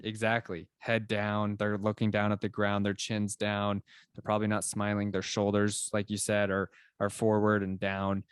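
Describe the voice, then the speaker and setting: A young man with a fairly low voice talks through his ideas in a loose, animated way, often leaning on filler words as he explains. He co-hosts a casual podcast chat. The sound is close and dry. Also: normal speed, clear, resonant tone, no echo. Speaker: podcast co-host.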